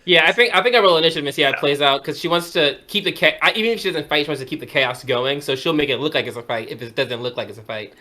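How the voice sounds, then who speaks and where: A man's voice: a little high, very fast, few pauses, sharp tone. A man describing his character's actions in a tabletop game, rambling and giggly. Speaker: player. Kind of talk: casual tabletop play.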